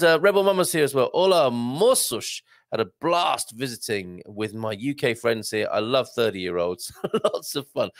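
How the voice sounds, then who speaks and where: A man hosts a live online show, chatting casually, reading out comments and tacking on questions. He has a medium-pitched voice and is chatty and jokey with tag questions, recorded with clean studio sound and no echo.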